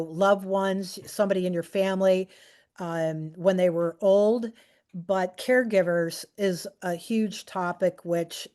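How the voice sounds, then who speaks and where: A middle-aged woman who speaks about aging and technology addresses a group casually, her mid-range voice carrying a darkish tone. She's chatty and anecdotal, using fillers and restarting sentences.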